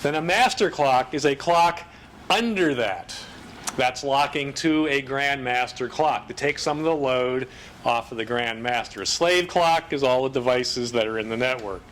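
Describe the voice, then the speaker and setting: A man giving a technical conference presentation, explaining terms in a brisk, fast-bursting way. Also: medium pitch, fairly bright tone, a little hiss or hum.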